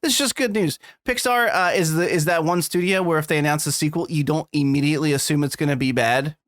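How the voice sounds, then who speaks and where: A man's voice: fairly high pitch, quick pace, a bit bright, no room sound, clean studio sound. A man co-hosting a podcast, chatting casually about film and TV news, laughing and swearing freely. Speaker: podcast co-host. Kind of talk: casual chat.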